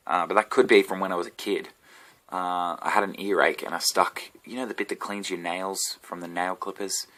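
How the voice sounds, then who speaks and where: Brief: Australian guy, low voice, sore-throated, riffing and cursing. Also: sharp tone. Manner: meandering, swearing, self-interrupting. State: sick throat. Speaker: comedian. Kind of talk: rambling solo vlog rant.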